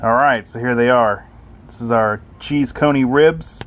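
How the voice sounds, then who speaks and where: Man, casual barbecue vlog host, medium-pitched voice, upbeat and plainspoken, outdoor phone recording. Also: measured pace, a bit bright. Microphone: phone camera.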